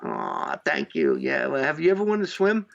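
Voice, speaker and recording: A man from upstate New York rambles through a casual podcast chat, dropping fillers and the odd swear word. His voice sits a bit high for a man. The recording sounds dull and lo-fi. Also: expressive, fairly quick, creaky. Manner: rambling, profane, lots of fillers. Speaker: podcast host.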